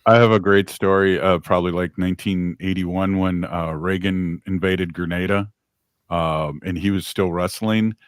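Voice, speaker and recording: Deep-voiced man swapping radio anecdotes. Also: steady tone, moderate pace, smooth, dry recording, clean studio sound. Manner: joking, rambling anecdotes with fillers. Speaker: radio show host. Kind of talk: casual radio conversation.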